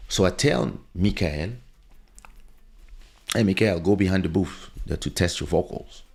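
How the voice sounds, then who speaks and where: Low gravelly man telling stories. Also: measured pace. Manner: loose, rambling anecdote telling with restarts. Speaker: podcast host. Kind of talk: casual storytelling. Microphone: studio podcast microphone.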